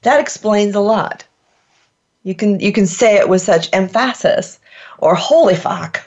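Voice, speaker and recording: A woman hosts a casual podcast in a middle-pitched voice, playful and emphatic, quick to laugh. The recording sounds dull and lo-fi. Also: darkish tone. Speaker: host.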